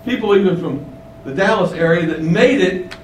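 A man's voice: high voice, lively intonation, normal speed. A man preaching a sermon, emphatic, with many rhetorical questions, in a windowless room. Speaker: pastor. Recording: roomy, distant mic, faint hum.

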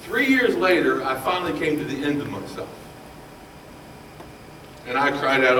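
A man preaching a sermon, telling his own story with passion, his voice rising loud and falling hushed. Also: medium pitch, very animated, normal speed, pauses often, slight background noise. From Baltimore, Maryland. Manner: impassioned, swings from loud to hushed. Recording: roomy echo, voice from far off.

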